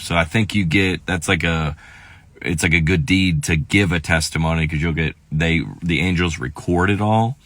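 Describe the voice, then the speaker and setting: A male comedian telling a story to camera, rambling and breaking off into quick asides. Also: deep voice, fairly bright tone.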